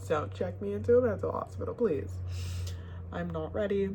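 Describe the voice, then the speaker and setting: A young woman talking candidly to camera in a rambling, confessional way, now and then dropping to a hushed whisper. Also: medium pitch, moderate pace, muffled recording, a little hiss or hum. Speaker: vlogger. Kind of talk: candid personal talk to camera.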